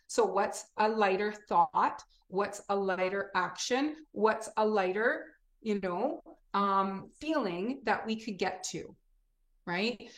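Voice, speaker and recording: A woman teacher talking in an interview, expressive, often acting out classroom examples and asking "right?". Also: medium pitch. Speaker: teacher and children's program creator. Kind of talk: animated interview talk. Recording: echoey room.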